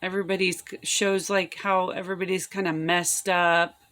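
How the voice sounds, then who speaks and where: A woman's voice: fairly low pitch, level tone, normal speed, a bit bright. A woman reviewing a film in a casual, rambling plot recap, full of fillers and restarts. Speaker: movie reviewer.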